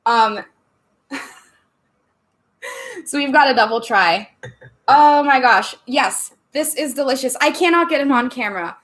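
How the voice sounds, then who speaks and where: A woman's voice: sits high, expressive, measured pace, long pauses, fairly bright tone. A woman hosting a casual livestream from a room at home, chatty and bubbly, laughing often between thoughts. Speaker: livestream host.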